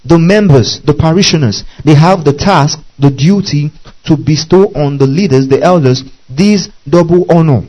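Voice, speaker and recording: A man's voice: a little high, normal speed, warm tone, muffled recording. A man preaching as pastor, teaching through scripture, repeating key phrases and asking the congregation to underline them. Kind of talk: sermon.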